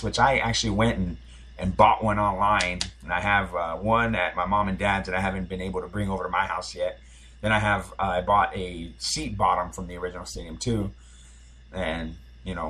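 A man in his forties with a slightly low, husky voice tells a long story on a podcast. He rambles and restarts often, circling back with fillers as he goes. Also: a bit bright. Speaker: podcast host. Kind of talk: casual storytelling.

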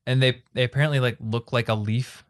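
A young man from Iowa hosting a podcast, telling stories in a loose, animated, rambling way with frequent restarts. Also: medium pitch, brisk. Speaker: podcast host. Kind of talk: casual chat.

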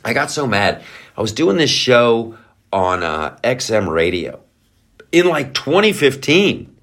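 A man hosting his own show, delivering a comedic rant. His voice is lively and bounces through a wide range, jumping up high when he gets worked up. He swears freely and laughs as he talks. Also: unhurried, soft background music. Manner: animated, swings to high excited pitch when storytelling. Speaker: show host.

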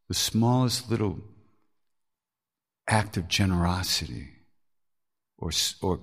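A man's voice: on the low side, creaky. An older man hosting a podcast, telling spiritual stories candidly, laughing often and swearing casually. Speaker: podcast host. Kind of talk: reflective spiritual storytelling.

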